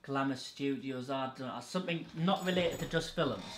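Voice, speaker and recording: A man's voice: mid-range voice, normal speed, fairly bright tone, slight background noise. A man hosting a podcast, telling stories in a blunt, sweary, casual way. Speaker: podcast host. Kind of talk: casual chat. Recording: echoey room.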